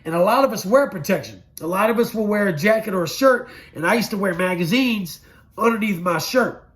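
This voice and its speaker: A middle-aged man recounting his prison past in a blunt, profane storytelling manner, swinging from loud bursts to low murmurs. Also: lively intonation, fairly quick. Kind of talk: candid storytelling interview.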